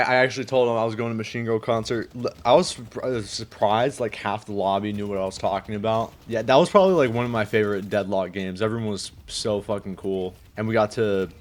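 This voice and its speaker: A young man who just woke up, chatting casually and rambling with lots of fillers and swearing. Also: fairly low pitch. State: just woken up. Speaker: vlogger. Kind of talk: casual chat.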